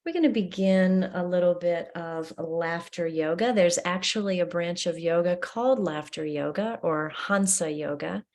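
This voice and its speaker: A woman leading a guided breathing meditation and laughter yoga, her voice slow and soothing. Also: on the low side.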